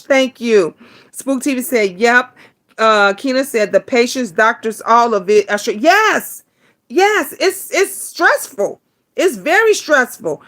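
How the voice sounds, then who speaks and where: A woman's voice: on the high side, a bit bright. A middle-aged woman hosting a casual livestream, chatting bluntly and profanely with viewers, restarting and repeating her words. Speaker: livestream host. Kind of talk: casual livestream chat reading viewer comments.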